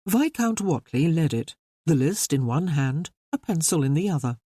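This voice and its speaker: A narrator reading a period romance novel aloud with an expressive delivery. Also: mid-range voice, moderate pace, husky, no room sound, clean studio sound. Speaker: audiobook narrator.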